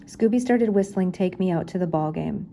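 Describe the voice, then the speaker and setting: An older woman reading a children's chapter book aloud in a gentle, unhurried storytelling manner. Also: on the low side, creaky, slight background noise. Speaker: reader.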